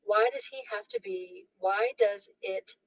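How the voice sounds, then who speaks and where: A man's voice: sits high, wildly swooping pitch, unhurried, no echo, highs cut off, full character voice. A woman reading as a grumbling young friend. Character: young man, steady friend trying to calm others.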